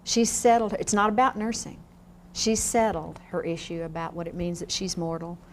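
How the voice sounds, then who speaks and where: A woman lecturing a class on grief in a frank, lively way, often asking the room questions. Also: lowish voice, moderate pace, slight background noise. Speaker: grief educator. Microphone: on camera, room mic.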